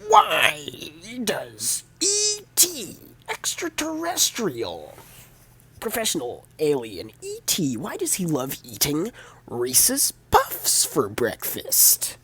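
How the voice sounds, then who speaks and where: A man doing an impression of a bitter, miserable male stand-up comedian who lashes out at his audience, in a strained, high, yelping voice with drawn-out words. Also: huge pitch swings, gravelly, bright, forceful tone, husky, heavily acted. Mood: mock-pondering.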